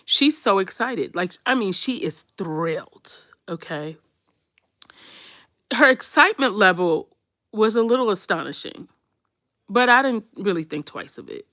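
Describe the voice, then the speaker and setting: A woman, telling family stories in a casual, animated way and laughing often. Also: mid-range voice, measured pace, no echo. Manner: animated, laughs often, repeats "when I tell you". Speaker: storytelling host. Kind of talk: casual storytelling chat.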